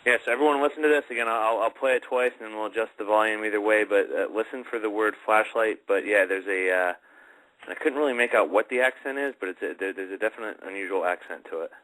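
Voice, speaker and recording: A man's voice: fairly low pitch, fast, a bit bright, poor audio. A man hosting a live radio talk show, chatting casually with a guest and addressing his listeners as he plays audio clips.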